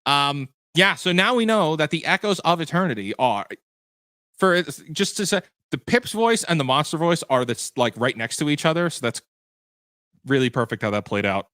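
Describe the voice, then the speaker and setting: Male game master hosting a livestream recap; bright, forward voice, loose and chatty with frequent restarts. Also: on the high side, animated, moderate pace, no room sound. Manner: chatty, self-correcting, answers viewer questions. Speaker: game master and show host. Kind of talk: livestream post-show chat.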